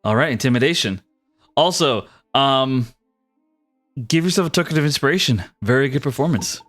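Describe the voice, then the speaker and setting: A man narrating a tabletop role-playing game as game master, lively and descriptive. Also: mid-range voice, moderate pace, faint music behind.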